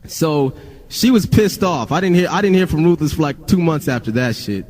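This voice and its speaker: A man's voice: a little high, lively intonation, moderate pace, a little mellow, slight background noise. Candid, profane man telling a story. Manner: candid, profane, repeats himself. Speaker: interviewee. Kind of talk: casual storytelling.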